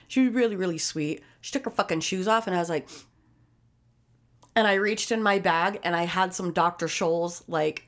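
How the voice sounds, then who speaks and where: A woman co-hosting a casual chat, telling a story in a blunt, emphatic, profanity-laced way. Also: lowish voice. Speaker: podcast co-host.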